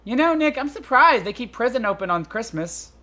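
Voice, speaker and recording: A bubbly young sidekick girl who squeals high and loud, her voice leaping all over the place, as a man puts her on in falsetto. Bright, piercing tone, comedic let's-play energy. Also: big pitch swings, fairly quick, full character voice. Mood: chirpy. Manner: shrill, squealing, loud outbursts.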